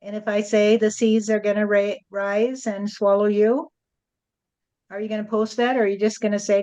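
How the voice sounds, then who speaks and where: A woman's voice: medium pitch, level tone, normal speed, warm tone, smooth, muffled recording. A woman channeling a spirit and speaking as God, blunt and lecturing, often adding "you see".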